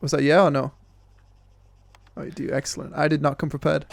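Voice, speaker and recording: A man narrates his gameplay with a joking, rambling manner. His voice sits a little high with a gravelly crackle. The sound is close and dry with no room around it. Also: little pitch movement, a little fast, no echo. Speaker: gaming channel host. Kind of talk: gameplay commentary with friends.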